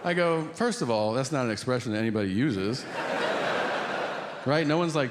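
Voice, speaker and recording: A middle-aged man telling a stand-up story in a deadpan way and acting out the other people in it. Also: medium pitch, fairly quick, pauses often. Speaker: stand-up comedian. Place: theater stage before a laughing audience. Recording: live stage recording with audience noise.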